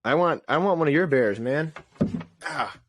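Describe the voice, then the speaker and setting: A man co-hosting a casual podcast, telling rambling, self-deprecating stories in an animated way. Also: a little high, normal speed, dry recording. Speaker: podcast co-host. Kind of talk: casual chat.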